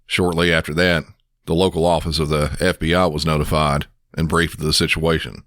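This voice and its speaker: A man with a Southern American accent, a podcast host and dispatcher, narrating a case in a calm, measured way. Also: a bass voice, no echo, studio quality. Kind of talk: scripted narration.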